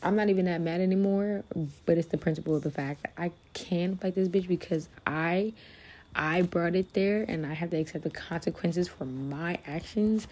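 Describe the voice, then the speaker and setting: Casual podcast host, young woman, deep warm tone, blunt and profane, talks straight to listeners. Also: normal speed. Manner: candid and profane, addresses listeners as loves. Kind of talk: casual motivational monologue.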